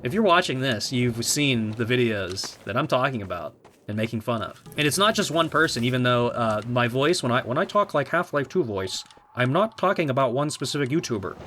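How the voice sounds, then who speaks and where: A young man giving casual gameplay commentary as a YouTuber, excitable and sarcastic, swearing often. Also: medium pitch, a little hiss or hum. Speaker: gaming YouTuber.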